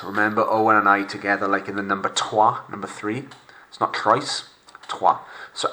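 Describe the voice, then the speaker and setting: A male teacher talking through a recorded lesson for pupils at home. His voice sits a bit low but carries a bright, forceful tone. He slows right down to model each phrase clearly before explaining it. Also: rough recording. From Wales.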